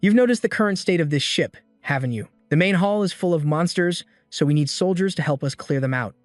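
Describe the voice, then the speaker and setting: A man's voice: on the high side, animated, a little fast, no echo, faint music behind, natural voice. A man voicing a worn-out, evasive middle-aged ship captain who explains things plainly, in a recap reading. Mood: weary.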